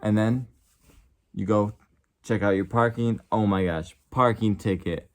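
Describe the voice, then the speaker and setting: A man's voice: fairly low pitch, fairly even intonation, unhurried. A young man vlogging in a casual, rambling way, earnest and passionate, with lots of "like" fillers. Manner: rambling, heavy use of "like". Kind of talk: casual talk to camera.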